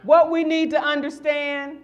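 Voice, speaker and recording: A middle-aged woman preaching a sermon, calling out to the congregation and building to shouted refrains. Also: high voice, little pitch movement, unhurried, highs cut off. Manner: call-and-response, rising to shouts.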